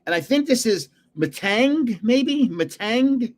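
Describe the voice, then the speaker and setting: A man's voice: very high voice, animated, slow pace. A man in his seventies hosting a casual livestream, rambling, chuckling often and trailing off while searching for words. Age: 70s. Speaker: livestream host.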